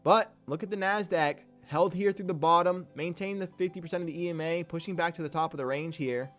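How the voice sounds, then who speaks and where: A man with a fairly high, somewhat bright voice talks fairly quickly while hosting a live day-trading stream, faint music behind him. He chats casually and hypes viewers up in slangy, upbeat talk, calling them "King."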